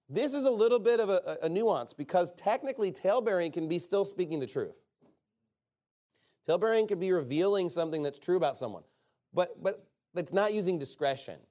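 Fairly high-voiced man preaching emphatically. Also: darkish tone. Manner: emphatic, conversational, rhetorical questions. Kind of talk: sermon.

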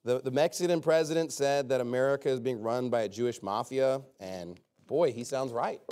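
A man's voice: medium pitch, moderate pace, warm tone. A man preaching an informal sermon in a sarcastic, rambling way with joking asides.

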